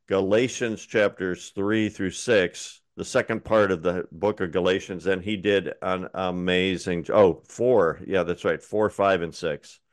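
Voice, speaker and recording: A man with a fairly low voice co-hosts a casual podcast and talks in a relaxed, encouraging way. He often pauses with fillers and repeats words as he finds his phrasing. The recording is dry and close to the mic. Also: dry recording. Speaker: podcast co-host.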